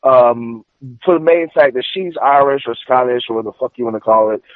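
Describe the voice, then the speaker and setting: A man's voice: mid-range voice, a little fast, dry recording. A man giving rambling, filler-heavy opinions as a podcast panelist. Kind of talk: casual podcast chat. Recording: dry phone-like line.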